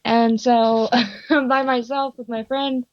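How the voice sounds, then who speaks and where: Woman, podcast guest, mid voice, casual and animated storyteller, dull dry lo-fi audio. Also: a little high, slow, dry recording. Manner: animated, swears freely, laughs while telling.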